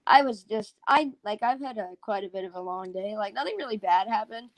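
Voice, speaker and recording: A woman's voice: mid-range voice, a little fast, dry recording, low-quality recording. Woman, stream co-host, tired and rambling, dry close sound. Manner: rambling, restarts a lot. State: tired, yawning. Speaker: livestream co-host. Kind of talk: casual stream chat.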